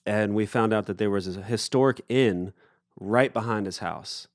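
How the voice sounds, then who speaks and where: A man from Appalachia, a musician telling a story in a casual interview, relaxed and full of fillers. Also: fairly low pitch, moderate pace, no room sound, studio quality. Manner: relaxed anecdotal, with fillers and acted-out quotes. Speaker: musician guest. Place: festival recording booth.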